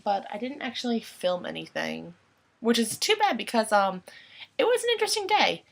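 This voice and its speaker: A chatty young woman talks into her laptop camera at home, her bright voice leaping up and down with a gravelly edge at the ends of phrases. She rambles, corrects herself and slips into little quoted asides. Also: medium pitch. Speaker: English teacher in Japan. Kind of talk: casual vlog chat. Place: her apartment at night. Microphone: laptop webcam.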